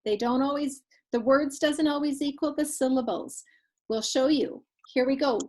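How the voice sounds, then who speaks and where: A woman's voice: high voice, unhurried, a little mellow, rough recording. A woman teaching a grade two class in an online lesson, asking the children questions while she counts.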